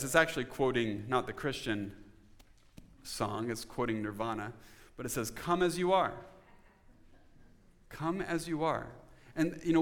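Guy preaching a sermon, kinda high voice, earnest and chatty, big echoey church sound. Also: fairly bright tone. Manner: earnest, conversational preaching with audience questions. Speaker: pastor.

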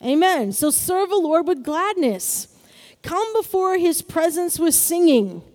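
Upbeat high-voiced woman preaching. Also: big pitch swings, measured pace, darkish tone, in a large hall. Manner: upbeat, calls out "Amen?" to the congregation. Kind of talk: sermon.

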